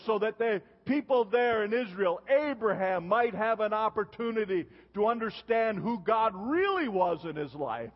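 A man in his seventies preaching a sermon as pastor, telling stories and punctuating them with a questioning "huh?". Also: high voice. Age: 70s. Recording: dull long reverb of a church hall.

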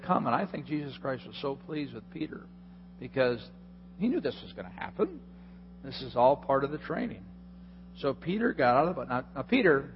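A man's voice: mid-range voice, slight background noise. A male pastor preaching a sermon, telling the story with energy and acting out the people in it. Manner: animated storytelling with acted-out voices. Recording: dull lo-fi hall recording.

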